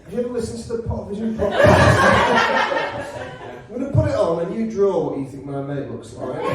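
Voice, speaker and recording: A man's voice: high voice, sing-song, measured pace, long pauses, very noisy. Dry-witted man, live and echoey. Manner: dry teasing humour, rambling anecdotes. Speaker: podcast co-host. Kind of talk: casual live podcast chat. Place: performance space before a live audience. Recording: echoey live room, mic at a distance.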